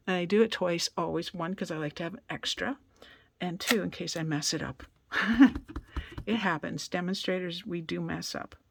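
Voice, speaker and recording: A woman's voice: lowish voice, steady tone, brisk, vocal fry, noisy background. Chatty woman demonstrating crafts. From Canada. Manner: chatty, self-deprecating, thinks aloud. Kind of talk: casual craft tutorial. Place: basement craft studio.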